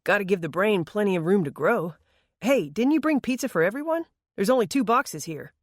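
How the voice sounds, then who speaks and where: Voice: medium pitch, lively intonation, a little fast, dry recording, studio quality, voice pushed up, close to an everyday voice. A narrator voicing a boastful, joking teenage boy in an audiobook. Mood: cocky. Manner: boastful, playful. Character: cocky teenage boy, brash joker.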